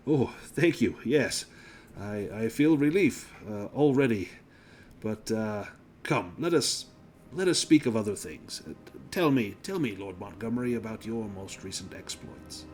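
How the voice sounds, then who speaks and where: A man voicing a jovial, excitable gentleman who gets flustered and breathless after a strong drink, spoken at a tabletop game. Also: lowish voice, a little slow.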